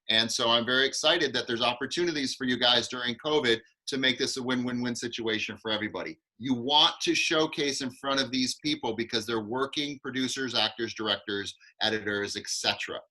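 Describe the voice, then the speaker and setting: A man's voice: medium pitch, a little fast, bright, forceful tone, rough recording. Upbeat man hosting an acting class. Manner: enthusiastic, encouraging. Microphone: video call.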